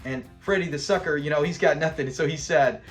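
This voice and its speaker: A man hosting his own channel, giving a casual recap of a sitcom episode, chatty and animated, acting out the characters' lines. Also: on the high side, brisk, soft background music. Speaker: channel host.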